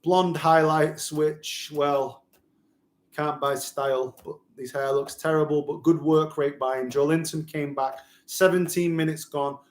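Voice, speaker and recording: A man's voice: on the high side, steady tone, a little slow, echoey room. A man giving live, opinionated fan commentary on a football match for a watch-along stream.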